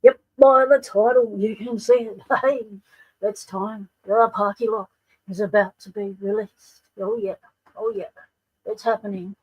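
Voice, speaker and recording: A woman's voice: medium pitch, fairly even intonation, measured pace, rough recording. A woman with an Australian accent hosting a casual livestream, chatting and greeting viewers by name. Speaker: livestream host.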